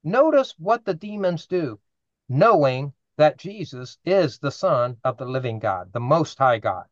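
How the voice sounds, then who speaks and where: A man's voice: on the high side, sing-song, unhurried, no echo, dull audio. A man leading an informal Bible study, explaining scripture earnestly and putting questions to the group.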